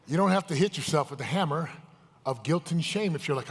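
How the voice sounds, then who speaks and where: A man's voice: on the high side, expressive, fairly quick, slightly rough. A man giving a motivational seminar talk, putting emphatic questions straight to a live audience. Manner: emphatic, questions the crowd directly. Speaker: motivational speaker. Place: large event hall with live audience. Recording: echoey hall, live event.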